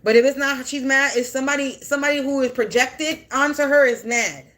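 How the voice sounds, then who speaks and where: A woman's voice: sits high, a little fast, fairly bright tone. A woman in her forties gives an unscripted monologue to camera. She is defiant and blunt, swears freely, and hammers her points home through repetition. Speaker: spiritual content creator.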